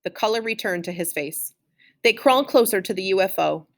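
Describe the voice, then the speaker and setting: A woman reading a children's chapter book aloud in an expressive, animated way. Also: mid-range voice, fairly quick. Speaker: reader.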